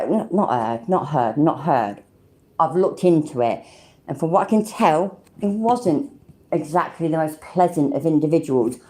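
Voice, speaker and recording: A woman's voice: low-pitched, warm tone. A woman with a British accent hosting a livestream, giving blunt, sweary reactions and talking to her chat. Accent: British English. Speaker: livestream host. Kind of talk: casual live reaction commentary.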